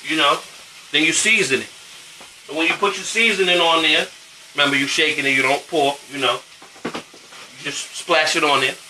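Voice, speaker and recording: A man's voice: a little high, moderate pace, pauses often, echoey room, noisy background. A man hosting a casual cooking show, chatting in slang while he cooks and often asking if you know what he's saying. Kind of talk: casual cooking demo chat. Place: home kitchen with food frying.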